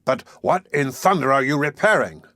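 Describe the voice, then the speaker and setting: A man's voice: medium pitch, expressive, normal speed, sharp tone, no echo, clean studio sound, pitched above the performer's own voice. A man voicing a blind, brutal sea captain who speaks in a sneering, threatening way. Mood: menacing.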